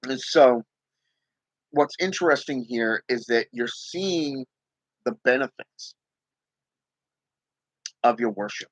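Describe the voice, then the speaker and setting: A man's voice: medium pitch, takes it slowly, long pauses, dry recording, poor audio. A man hosting his own channel, talking casually and emphatically to viewers about spirit work, often checking in with "okay?". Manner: emphatic, repeats "okay?" and "you know". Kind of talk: casual livestream talk.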